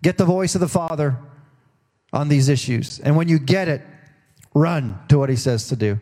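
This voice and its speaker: A man's voice: a little high, normal speed, dark tone. A middle-aged man preaching a sermon in a folksy, conversational way, often restarting his sentences. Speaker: pastor.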